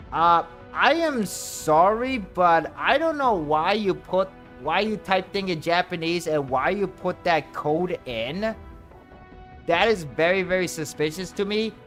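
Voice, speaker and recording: A young man streaming a game, chatting casually with viewers and exclaiming excitedly over his luck. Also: sits high, takes it slowly, faint music behind. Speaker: VTuber streamer. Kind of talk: casual livestream chat while playing.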